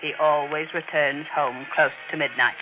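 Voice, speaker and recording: A man's voice: a little high, steady tone, normal speed, natural voice. A man doing a cold, curt veiled schemer. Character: mysterious veiled figure in black, cold. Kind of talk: 1940s radio acting. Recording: tinny old radio broadcast with music.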